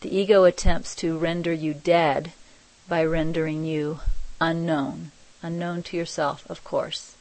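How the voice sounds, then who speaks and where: A woman teaching a spiritual group, reading channeled messages aloud and commenting on them in a soft, reflective way. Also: sits low, level tone, measured pace, gravelly, dry recording, poor audio. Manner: soft-spoken, reflective, often laughing.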